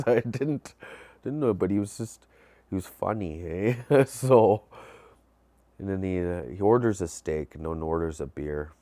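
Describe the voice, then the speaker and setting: A man calmly recounting personal memories in an interview. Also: no room sound. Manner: low-key, reflective, with small laughs. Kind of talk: personal storytelling.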